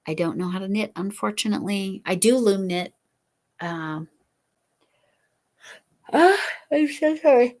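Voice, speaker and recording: A woman's voice: mid-range voice, expressive, a little slow, pauses often, darkish tone. A middle-aged woman hosting a casual crochet livestream, rambling and apologetic as she answers viewer comments. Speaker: livestream host. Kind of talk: casual chat while crocheting.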